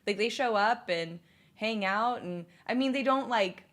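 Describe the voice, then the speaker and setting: A woman's voice: medium pitch, unhurried, a bit bright. A young woman streaming, chatting casually and answering viewers' messages, rambling with many fillers and restarts. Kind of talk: casual livestream chat.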